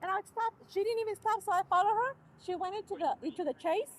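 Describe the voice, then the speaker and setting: A woman telling police in a rambling, animated way how her truck was hit. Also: extremely high pitch, fast talker. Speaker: hit-and-run victim. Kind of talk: recounting an incident to police.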